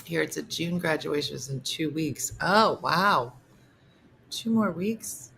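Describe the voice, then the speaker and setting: A woman's voice: sits low, takes it slowly, gravelly, a bit bright, a little hiss or hum. A middle-aged woman hosting a casual livestream chat, talking about her home and reading out viewer comments. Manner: chatty, reads viewer comments aloud. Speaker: host.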